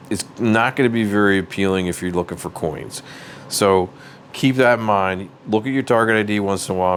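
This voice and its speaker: A man's voice: on the low side, a little hiss or hum. A man hosting a hobby channel, walking through device settings step by step in a casual, rambling way and correcting himself as he goes. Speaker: metal detecting channel host. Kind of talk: casual how-to walkthrough.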